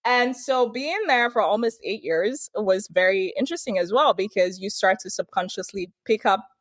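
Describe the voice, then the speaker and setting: A woman's voice: medium pitch, normal speed. A young woman from the United States, a podcast guest talking reflectively in a casual interview, with light laughs mid-sentence. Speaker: podcast guest, brand consultant.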